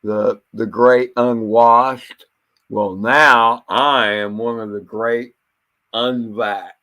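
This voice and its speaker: A man's voice: mid-range voice, steady tone, very slow, bright, forceful tone. A man talking in a casual, rambling monologue as a livestream host, blunt and profane, often stumbling over and repeating his words. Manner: blunt, rambling, swears freely.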